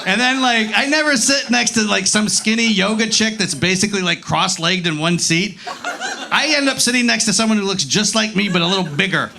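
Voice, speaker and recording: A man's voice: sits high, brisk, gravelly, sharp tone. A man doing a profane, rambling stand-up set on a comedy club stage, acting out voices as he goes.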